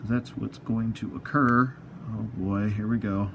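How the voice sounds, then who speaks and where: A man's voice: fairly low pitch, steady tone, measured pace, fairly bright tone, slight background noise. Rambling man unboxing toys, jokey asides. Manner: rambling, self-mocking, talks to the toys. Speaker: toy collector reviewer. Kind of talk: casual unboxing review.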